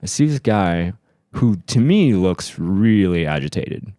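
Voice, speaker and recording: Rambling low-voiced man telling a story. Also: very animated, measured pace, mellow, no echo, clean studio sound. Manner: rambling storyteller, many likes and restarts, laughs at himself. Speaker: podcast host. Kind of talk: casual chat.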